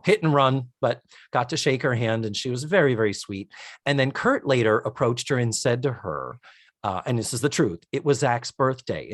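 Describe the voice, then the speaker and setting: A man's voice: lowish voice, dry recording, clean studio sound. A man co-hosting a podcast, chatting casually and enthusiastically as he recaps a TV episode in detail. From United States. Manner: animated, enthusiastic, detailed describing. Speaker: podcast co-host.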